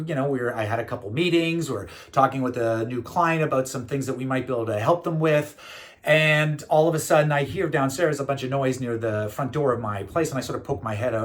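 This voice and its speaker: Middle-aged guy from canada rambling through a story to camera, lots of uhs and restarts, mid-range voice. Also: mid-range voice. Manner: chatty, storytelling, many fillers and restarts. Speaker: speaker and consultant. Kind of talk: casual talk to camera.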